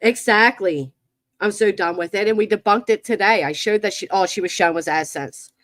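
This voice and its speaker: A woman's voice: medium pitch, moderate pace, no echo, studio quality. A woman hosting a livestream commentary, mocking and exasperated, talking to her viewers and chat at a computer. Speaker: commentary channel host. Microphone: computer mic.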